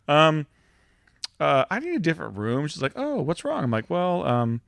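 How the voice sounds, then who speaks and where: A man co-hosting a casual podcast, telling road stories in an animated way and laughing through them. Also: a little high, moderate pace, vocal fry, clear, resonant tone, no room sound. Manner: animated storyteller, laughs through his tales. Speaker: podcast co-host. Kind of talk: casual chat.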